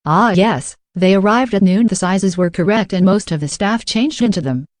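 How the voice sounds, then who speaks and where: A synthetic female text-to-speech voice voicing a dutiful middle-aged female aide to an officer in a storybook reading, with a flat delivery. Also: medium pitch, normal speed, no room sound, studio quality, natural voice.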